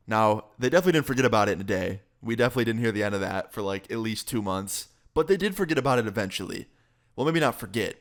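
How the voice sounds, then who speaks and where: A young man vlogger telling a casual, profane story in an animated way. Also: on the low side.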